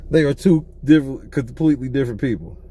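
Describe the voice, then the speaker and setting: A man's voice: medium pitch, dark tone, a little hiss or hum. A man co-hosting a podcast, telling a story in casual, profane chat and laughing often, talking from a car. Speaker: podcast co-host.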